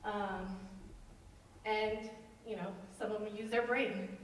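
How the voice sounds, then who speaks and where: A woman's voice: mid-range voice, fairly even intonation, takes it slowly, slight background noise. A woman presenting casually on stage, loose and chatty. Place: stage in a hall before an audience. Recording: very echoey hall, mic far off.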